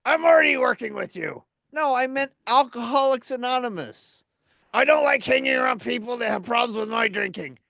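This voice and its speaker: A man's voice: extremely high pitch, normal speed, vocal fry, bright, forceful tone, dry recording, heavily acted. A man voicing a boozy, sarcastic male orb puppet in a ventriloquist act, trading insults. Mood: mocking.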